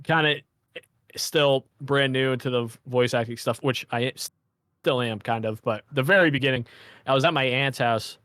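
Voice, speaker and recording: A man who is an aspiring voice actor, guesting on a podcast and telling a story in a relaxed way with hesitant fillers. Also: mid-range voice, moderate pace, no echo, clean studio sound. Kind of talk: casual interview chat.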